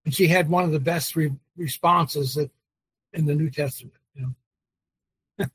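A man's voice: on the high side, steady tone, moderate pace, a bit bright, husky, no echo. A man casually sharing a thought with the group.

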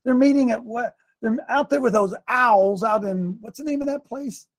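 A man's voice: extremely high pitch, normal speed. A man preaching a fiery sermon, emphatic and sarcastic, reading scripture and calling out to the tech crew. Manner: shouting, emphatic, sarcastic asides. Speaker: pastor.

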